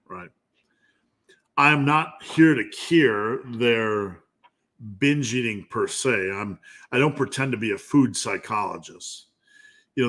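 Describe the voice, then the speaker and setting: A man's voice: fairly low pitch, a bit bright. A man who coaches lifting, answering viewer questions on a live stream in a loose, joking way and thinking aloud as he goes. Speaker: strength coach and host.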